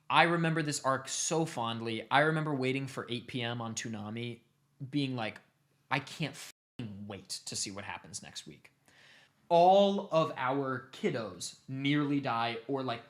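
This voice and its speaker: A young man casually retelling a long story to his family, animated and cursing offhandedly. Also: medium pitch. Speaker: streamer host.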